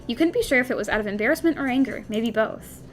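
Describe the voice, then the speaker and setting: A woman's voice: a little high, lively intonation, fast talker, a little hiss or hum. A young woman playing a story game, reading it aloud with giggly, playful commentary as the host. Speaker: gamer streamer.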